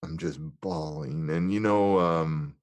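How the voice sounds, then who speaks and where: A man's voice: slow, no room sound. Earnest middle-aged man telling his story. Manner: earnest, emotional, drops low and quiet on painful parts; acts out inner dialogue in different tones. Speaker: guest sharing his life story. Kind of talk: candid personal storytelling in conversation.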